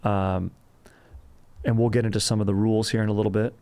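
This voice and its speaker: A man's voice: on the low side, flat delivery, a little fast, mellow. A man hosting a history podcast in a loose, jokey way, full of fillers and crude asides. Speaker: podcast host. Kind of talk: casual history podcast chat.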